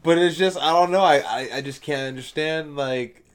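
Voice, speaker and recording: A man talks loosely and profanely in an unscripted chat, pitched a little above most men. He wanders through his points, circling back on himself, and laughs often. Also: normal speed, clean tone. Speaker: podcast co-host. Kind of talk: casual chat.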